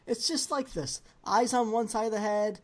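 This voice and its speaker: A woman's voice: a little high, moderate pace. A woman hosting a podcast in casual chat, laughing and steering the conversation. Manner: animated, laughing, leads the rounds. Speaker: podcast host.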